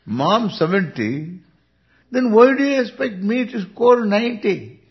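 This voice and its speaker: An Indian-accented man playing a cheeky young child who answers back to the parents, laughing as he raises his pitch. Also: lively intonation, a little slow. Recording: dull lo-fi recording.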